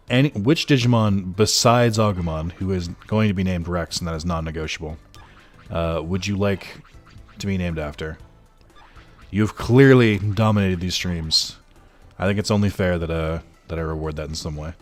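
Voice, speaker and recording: A young man casually chatting with his viewers while streaming a game, joking and rambling with lots of fillers. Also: sits low. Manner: chatty, joking, talks to chat, frequent fillers. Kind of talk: casual livestream commentary.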